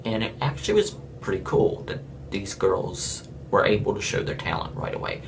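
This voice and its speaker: Blunt, gravelly-voiced man rambling a review. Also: low voice, huge pitch swings, moderate pace, slight background noise. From Florida. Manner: blunt, rambling, chuckling asides. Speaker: reality show reviewer. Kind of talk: casual opinionated review.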